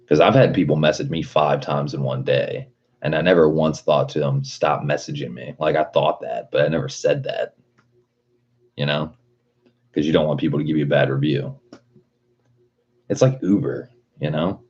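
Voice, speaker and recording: A man's voice: very deep voice, steady tone, moderate pace, pauses often, a little mellow, breathy edge, highs cut off. A man talking casually on a livestream, ranting in a rambling, profane way and reading out chat messages.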